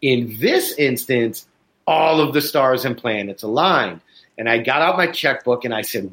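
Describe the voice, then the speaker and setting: This man's mid-range voice moves at a moderate pace. He's hosting a casual chat in Chicago, USA, as an animated storyteller who performs the voices of the people in his anecdotes.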